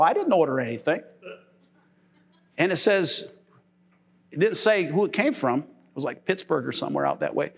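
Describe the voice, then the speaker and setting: In a church, a middle-aged pastor delivers an animated, playful sermon built on funny stories. His high voice leaps and swings widely in pitch, and he laughs freely and often between points.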